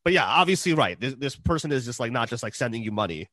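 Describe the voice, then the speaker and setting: A man co-hosting a podcast in casual chat, rambling with many fillers and often trailing off softly. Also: mid-range voice, very animated, fast talker, no room sound. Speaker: podcast co-host.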